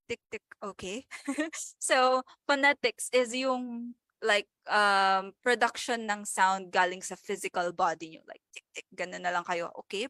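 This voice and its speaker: A young woman with a Filipino accent runs a live exam review, switching easily between English and Filipino. Her voice sits a little high and sounds dry and close to the mic. She reads out viewers' answers with polite respect before explaining each one. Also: pushed and bright, dry recording. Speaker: review coach.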